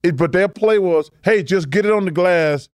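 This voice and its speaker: An excited man talks emphatically in casual chat. His voice is fairly high, and the sound is dry and close. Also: moderate pace, clean tone, dry recording. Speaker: co-host, former basketball player.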